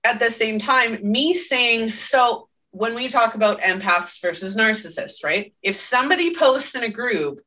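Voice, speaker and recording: A woman's voice: mid-range voice, bright, forceful tone, far from the mic. A woman co-hosting a casual podcast, talking emphatically and often ending her points with "right?". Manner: emphatic, tags statements with "right?". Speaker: podcast co-host.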